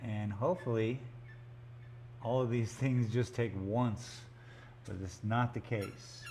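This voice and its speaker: A man's voice: mid-range voice, steady tone, takes it slowly, a little mellow, slight background noise. A man chatting casually and joking in rambling asides while he paints live in an art gallery studio. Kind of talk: casual live-stream chat.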